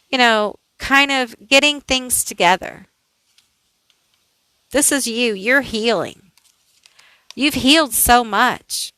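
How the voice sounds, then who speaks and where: A woman's voice: on the high side, slow pace, long pauses, sharp tone, clear, resonant tone, dry recording, rough recording. A woman doing a casual tarot card reading, thinking aloud in a chatty way with many fillers. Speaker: tarot reader.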